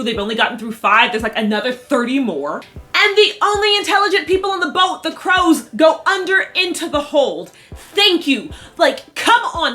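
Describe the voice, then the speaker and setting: Bright, high-voiced woman recapping TV. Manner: candid, profane, playful asides to viewers. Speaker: YouTube TV recap host. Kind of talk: casual TV episode recap.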